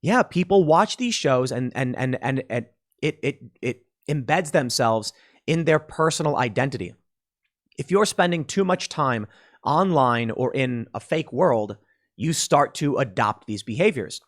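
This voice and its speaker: A man from Chicago, likely in his thirties, hosts a solo political commentary segment. He talks in a loose, conversational way, often restarting his sentences. His voice sits at an average pitch for a man. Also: lively intonation, a little slow. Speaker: commentary show host.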